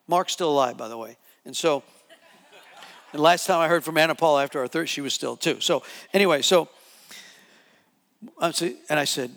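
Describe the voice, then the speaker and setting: A man preaching, telling a testimony story in an animated, repetitive way with frequent restarts. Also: a little high, moderate pace, pauses often, big-room sound.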